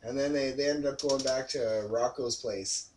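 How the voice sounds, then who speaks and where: A man co-hosting a casual movie review podcast. He retells scenes in an animated way and acts out quotes in a loud, high voice. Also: moderate pace, a little hiss or hum. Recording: echoey room, far from the mic.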